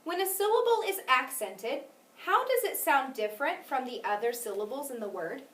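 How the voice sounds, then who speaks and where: A woman teaching a phonics lesson, patient and clear, stressing syllables carefully and encouraging her student. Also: high-pitched, animated, moderate pace, fairly bright tone, distant mic. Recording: echoey room, voice from off mic.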